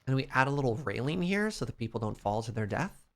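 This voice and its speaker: A man's voice: mid-range voice, sing-song, quick pace. Playful man streaming a building game. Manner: chatty, playful, talks to chat. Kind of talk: casual live-stream commentary while building.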